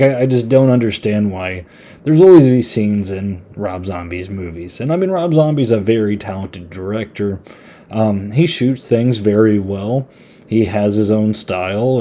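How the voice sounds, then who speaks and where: A man's voice: lowish voice, lively intonation, normal speed, mellow. A man hosting a podcast, giving a casual, rambling horror movie review in a laid-back, chatty way. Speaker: podcast host.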